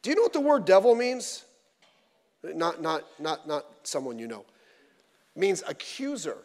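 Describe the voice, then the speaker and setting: A man preaching a sermon in a conversational, animated way, acting out what people say. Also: a little high, normal speed. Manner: conversational, animated, acts out quoted voices. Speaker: pastor. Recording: long hall reverb.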